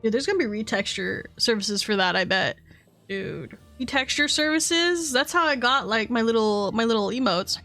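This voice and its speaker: A woman streamer chatting casually with her viewers. She is excitable and giggly and swears freely. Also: fairly high pitch, normal speed, soft background music.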